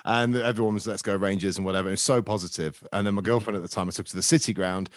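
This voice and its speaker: A man's voice: on the low side, steady tone, no room sound, clean studio sound. A man hosting a casual football fan podcast, joking, swearing and bantering with his guests. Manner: jokey, swears, quick banter. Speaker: podcast host.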